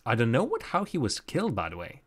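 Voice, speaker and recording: A man's voice: mid-range voice, wildly swooping pitch, quick pace, husky. Chatty man streaming a puzzle game. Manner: chatty, thinking aloud, joking with chat. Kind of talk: live gameplay commentary.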